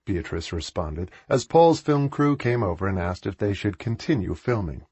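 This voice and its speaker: A man narrating an audiobook in an expressive, animated reading. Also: fairly low pitch, normal speed, hardly any pauses, slightly rough, no room sound. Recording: dull, dry recording.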